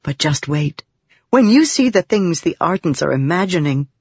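A woman reading an audiobook voices a poised noblewoman who patiently explains things, low and lively, in a dry, slightly muffled recording. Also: breathy edge, dry recording, exaggerated voice. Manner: gracious, measured, explaining patiently. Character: poised noblewoman patron of scholars.

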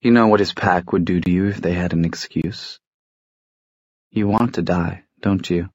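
A man reading a dry, weary warlock, low-voiced. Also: steady tone, moderate pace, darkish tone, breathy edge, no room sound, muffled recording. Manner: dry, bitter.

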